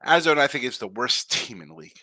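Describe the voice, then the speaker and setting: A man hosting a live sports betting stream, talking straight to viewers in a brash, jokey way. His voice swings widely in pitch and sounds bright and sharp. The recording is dry and close. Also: sing-song, very fast, dry recording. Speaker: sports betting show host. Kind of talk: live betting picks chat, reading comments.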